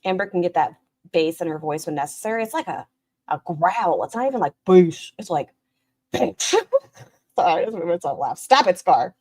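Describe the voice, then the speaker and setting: Sarcastic lady streamer doing commentary, kinda low voice but jumps all over, swears a lot. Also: lively intonation, brisk. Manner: sarcastic, swears freely, swings from loud to muttered. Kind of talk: reaction commentary on clips.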